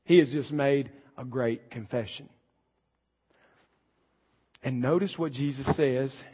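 A man preaching a sermon as pastor, building to shouted emphasis. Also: mid-range voice, takes it slowly, pauses often, slightly rough. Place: church sanctuary. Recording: long church reverb, dull lo-fi sound.

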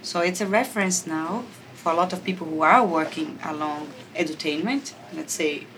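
A woman's voice: low voice, moderate pace, fairly bright tone, a little hiss or hum. A woman filmmaker answering interview questions in a thoughtful, somewhat hesitant way.

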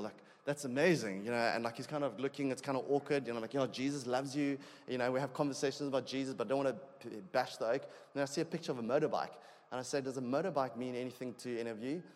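A man preaching a sermon in a conversational way, growing animated as he tells a personal story. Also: medium pitch. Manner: conversational, animated when telling stories. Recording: long hall reverb.

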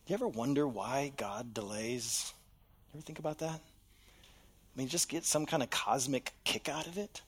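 A man preaching a sermon, dropping to a hush and then rising loud as he acts out voices. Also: medium pitch, normal speed, slightly rough. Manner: dramatic, swings from hushed to loud, acts out voices in quotes. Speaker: pastor.

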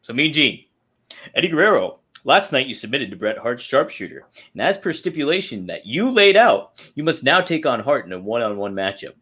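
A man's voice: mid-range voice, sing-song, fairly quick, a bit bright, husky. A man voicing a male wrestling interviewer who asks pointed, accusing questions. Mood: probing.

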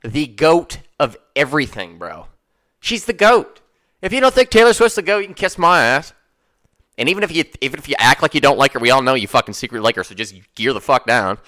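A man's voice: medium pitch, bright, forceful tone. A young man, hosting a podcast and telling a story in casual, swaggering, profane chat. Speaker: podcast host.

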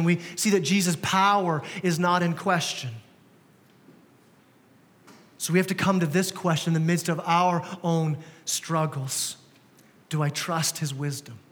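High-voiced male pastor in reverberant hall. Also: fairly even intonation, a little slow, a bit bright. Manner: conversational, asks the congregation rhetorical questions. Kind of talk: sermon. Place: church sanctuary. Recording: long church hall reverb.

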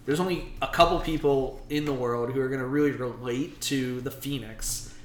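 A man co-hosting a casual podcast, animatedly retelling a comic issue with quick quoted voices and casual swearing. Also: medium pitch, roomy sound, slight background noise. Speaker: podcast co-host. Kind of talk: casual comic book chat.

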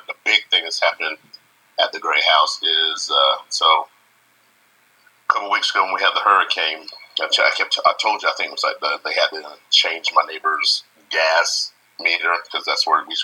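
A man's voice: very deep voice, steady tone, a little fast, bright, forceful tone, husky, rough recording. A middle-aged man co-hosting a casual chat show, telling a family story and laughing as he acts out what people said. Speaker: co-host.

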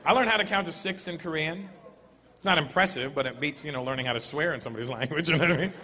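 High-voiced stand-up comic in a hall. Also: male voice, fast talker. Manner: loud, animated, puts on voices. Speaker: stand-up comedian. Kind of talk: stand-up set. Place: comedy club stage. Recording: roomy hall, noisy live crowd. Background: audience laughter.

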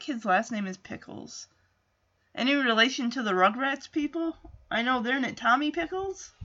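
A woman with a high, bright voice in a chatty TV-episode recap. She quotes the characters and slips in side comments. The sound is dull and lo-fi.

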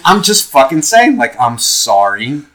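A man co-hosting a podcast, talking in a rambling, profane, animated way in casual chat. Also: mid-range voice, a little slow, rough recording. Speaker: podcast co-host.

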